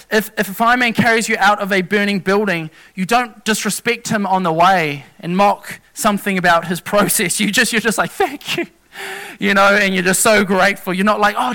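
An earnest male preacher with a high, bright, ringing voice. He talks through scripture in a plain, personal way, stumbling and restarting mid-phrase as he explains each point. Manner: earnest, halting with restarts and self-corrections. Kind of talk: sermon.

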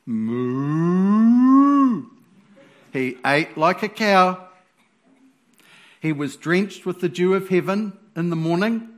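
A male preacher with a high voice delivers a sermon at a slow, unhurried pace. His manner is animated and playful, and he breaks into sudden loud exclamations.

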